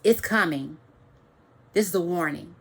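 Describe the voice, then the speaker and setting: A woman's voice: lowish voice, unhurried, vocal fry, breathy edge. A woman giving an angry, profane ranting monologue to the camera, repeating phrases for emphasis.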